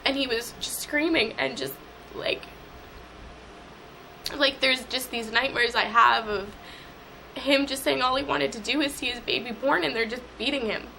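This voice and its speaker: A young woman telling an emotional personal story in an interview, halting and repeating herself. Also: high voice, creaky, sharp tone, a little hiss or hum, poor audio.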